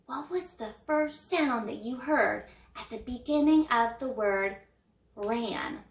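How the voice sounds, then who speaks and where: A woman teaching an early reading lesson to young children, speaking in an encouraging, sing-song way and modeling letter sounds slowly. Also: a little high, expressive, reverberant.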